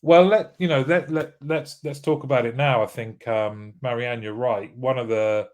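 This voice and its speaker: A British man hosts a live show from a small room, chatting in a relaxed, unhurried way. He greets viewers by name, jokes about their comments and keeps the talk friendly. His voice sits at an ordinary middle pitch. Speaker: livestream host.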